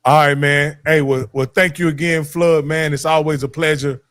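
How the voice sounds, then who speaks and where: A man's voice: fairly high pitch, fairly even intonation, normal speed, fairly bright tone, dry recording, studio quality. A man hosting a casual college football talk stream, laid-back and friendly, calling people "man.". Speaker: show host.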